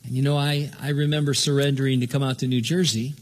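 A man's voice: medium pitch, flat delivery, fast talker. An older man from Southern California preaching a sermon as pastor, in an earnest, conversational way that often stops and restarts mid-sentence.

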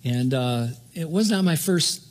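A man's voice: a little high, expressive, measured pace. An older man from Southern California preaching a sermon as pastor, in an earnest, conversational way that often stops and restarts mid-sentence.

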